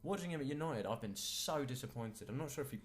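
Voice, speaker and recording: A man's voice: medium pitch, lively intonation, fast talker. A man co-hosting a casual football podcast, opinionated and enthusiastic about players. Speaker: podcast co-host.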